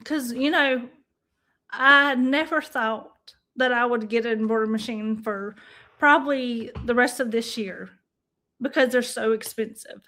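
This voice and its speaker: A woman talks to her livestream viewers in an easy, chatty way. Her voice sits high, and she speaks at an unhurried, drawn-out pace, often turning to her audience as y'all. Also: sharp tone. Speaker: livestream host. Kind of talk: casual livestream chat.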